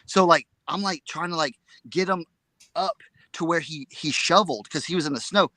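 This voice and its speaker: A man co-hosting a casual live chat, telling a story in an excitable, rambling way and repeating his words. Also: fairly high pitch, moderate pace, no echo. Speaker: reseller show co-host.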